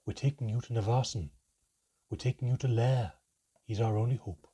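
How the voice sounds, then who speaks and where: A man voicing an urgent, hushed old goblin priest in a storybook reading. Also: mid-range voice, steady tone, moderate pace, breathy edge.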